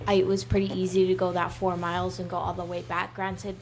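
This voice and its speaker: A woman's voice: fairly low pitch, monotone, brisk, a little mellow, a little hiss or hum. A woman chatting on a podcast, talkative with some hesitations. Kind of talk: casual chat.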